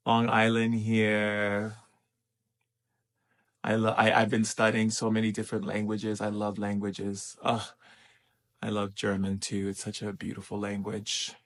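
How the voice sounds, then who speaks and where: A man hosting a spiritual livestream who talks gently and affectionately to viewers and reads their chat messages aloud. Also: fairly low pitch, completely flat delivery, moderate pace. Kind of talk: live-stream talk to viewers, reading chat.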